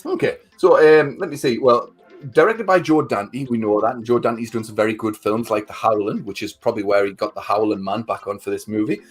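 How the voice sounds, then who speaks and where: A man's voice: on the low side, brisk, husky, soft background music. A man co-hosting a livestream, recapping a movie plot in a rambling, sweary way. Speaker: livestream co-host. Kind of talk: casual movie chat.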